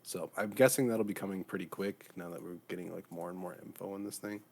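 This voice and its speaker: A man co-hosting a podcast in relaxed, casual chat, full of fillers. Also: low voice, fast talker, vocal fry, slight background noise. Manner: laid-back, many fillers. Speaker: podcast co-host.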